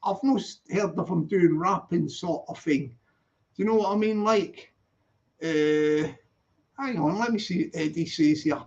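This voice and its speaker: A man's voice: high voice, measured pace, darkish tone. A man hosting a casual live stream, reading out viewer comments and rambling in a jokey, slangy way with lots of restarts. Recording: muffled lo-fi audio.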